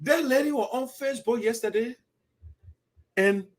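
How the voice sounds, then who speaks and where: Casual commentary comes from a Liberian man who hosts a diaspora community show, his voice high and his pace normal. He's animated and indignant by turns, laughing as he goes, all in Liberian English.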